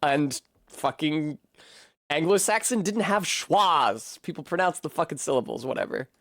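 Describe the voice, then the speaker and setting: A man's voice: on the high side, lively intonation, normal speed, fairly bright tone, no room sound, studio quality. A man streaming a video game, rambling casually and swearing as he goes off on tangents. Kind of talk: casual gaming commentary.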